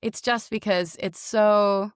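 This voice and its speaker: A woman voice actor as a guest in a casual interview, talking quickly and playfully, with lots of fillers and restarts. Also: medium pitch, fairly even intonation, clean tone, no echo, clean studio sound.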